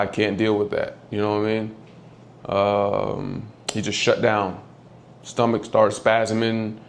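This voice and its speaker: A man telling the story of losing his old dog, candid and halting, often close to tears as his voice drops. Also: gravelly, slight background noise. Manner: candid, halting, swears, voice drops low when upset. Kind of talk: emotional personal storytelling.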